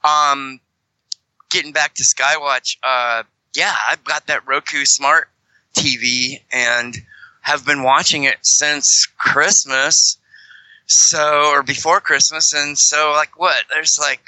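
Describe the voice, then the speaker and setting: A man's voice: fairly high pitch, fairly even intonation, takes it slowly, sharp tone, clear, resonant tone, dry recording, rough recording. A man chatting as a guest on a podcast, rambling and joking, with many self-corrections. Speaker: guest, fellow fringe Christian show host. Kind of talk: casual podcast chat.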